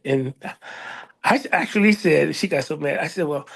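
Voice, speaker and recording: A middle-aged American man telling a story in a casual interview, animated, acting out other people in a raised voice. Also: fairly high pitch, brisk, vocal fry, breathy edge. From United States. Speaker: librarian, interview guest.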